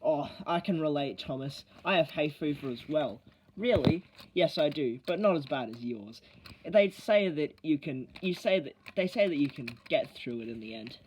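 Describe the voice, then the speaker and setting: A narrator voicing a cheerful, chatty male engine who talks loudly. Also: medium pitch, expressive, normal speed, a little hiss or hum, close to an everyday voice, rough recording. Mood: friendly.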